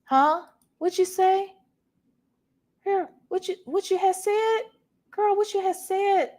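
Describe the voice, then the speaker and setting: A woman vlogger doing animated gossip commentary, repeating herself and talking back to her live chat. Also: extremely high pitch, takes it slowly.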